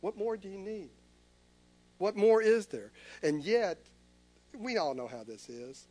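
A man's voice: high-pitched, lively intonation, measured pace, long pauses, mellow, no room sound, faint music behind. A male pastor preaching a sermon, telling a personal story in an earnest way and acting out his own inner dialogue.

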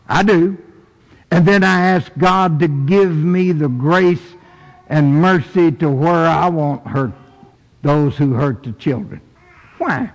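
An older man delivers a sermon as pastor, his voice pitched high and his delivery unhurried. He swings between loud, high-pitched exhortation and quiet, low passages. The room rings with a long hall reverb. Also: lively intonation.

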